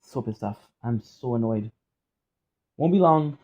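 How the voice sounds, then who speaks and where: A man's voice: mid-range voice, lively intonation, a little slow, muffled recording. A man talking casually to his viewers as a gaming streamer, frustrated, swearing and repeating himself. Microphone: phone.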